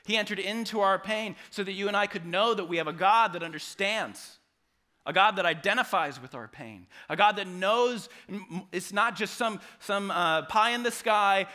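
Man, pastor, sermon, dynamic delivery, bright tone, slightly high pitch. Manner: dynamic preaching, drops to soft quiet passages and rises to loud acted quotes.

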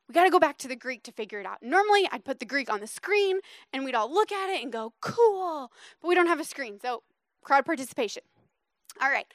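A woman with a high, bright-pitched voice preaches to a small group in a dry, close-sounding space. She talks in an animated, conversational way and sinks to a near-hush on the words she wants to land. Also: dry recording. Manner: animated, conversational, drops to hushed emphasis. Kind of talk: sermon.

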